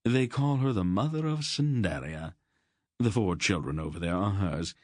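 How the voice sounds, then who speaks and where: A man's voice: deep voice, normal speed, no echo, studio quality. A man reading the part of a sly, worldly nobleman, speaking in a wry, matter-of-fact way.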